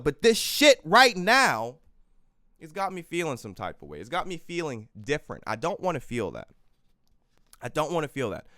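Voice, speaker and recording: Man, livestream host, tired and worn out, impassioned profane rant, fairly high smooth voice, close mic. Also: no room sound. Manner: swings between quiet weariness and loud fiery outbursts, profane. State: tired, exhausted. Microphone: close microphone.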